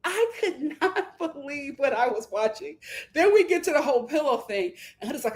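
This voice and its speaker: A young adult woman hosting a reality TV recap, talking in an animated, sarcastic way and mocking the people she discusses. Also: high voice, moderate pace. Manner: animated, sarcastic, mocking impressions, breaks into laughter. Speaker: commentary channel host.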